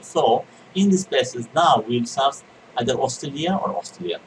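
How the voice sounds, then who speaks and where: A man's voice: medium pitch, far from the mic, noisy background. Man teaching exam reading tips. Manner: repeats key words, asks and answers his own questions. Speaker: IELTS teacher. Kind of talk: recorded exam-prep lecture.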